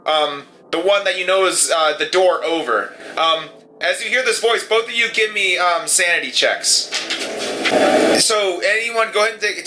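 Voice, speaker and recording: A man's voice: high voice, rough recording. A man narrating a horror tabletop game as game master, hesitant with restarts when he handles rules. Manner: hesitant, many fillers and restarts in rules talk.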